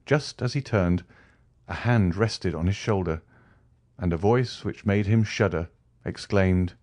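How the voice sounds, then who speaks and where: A man's voice: sits low, dry recording. Man reading a classic novel aloud. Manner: measured, even storytelling. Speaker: audiobook narrator. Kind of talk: scripted narration.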